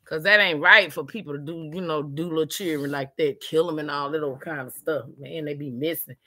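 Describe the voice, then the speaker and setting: A woman's voice: low-pitched, brisk, bright, forceful tone. A middle-aged woman, chatting casually and laughing often with viewers on a live stream while she is tired.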